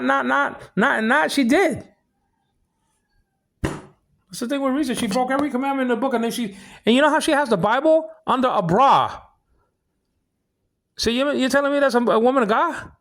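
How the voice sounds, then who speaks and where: Extremely high-pitched and creaky, with a fairly bright tone, this vlogger's voice carries a meandering, indignant rant. He keeps repeating himself and stammering as he starts lines over.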